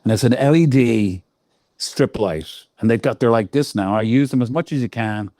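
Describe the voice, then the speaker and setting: A man's voice: medium pitch, moderate pace, dry recording, clean studio sound. Irish man in his sixties, anecdotal. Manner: lively, laughing anecdotes with quoted voices. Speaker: guest lighting designer. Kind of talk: casual interview storytelling.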